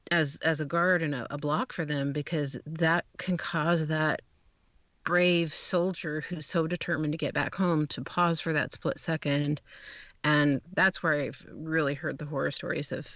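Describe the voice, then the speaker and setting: A man with a somewhat high voice speaks earnestly and hesitantly, pausing and trailing off mid-thought. His sound is close and dry. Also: fairly bright tone, dry recording, highs cut off. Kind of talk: late-night political talk.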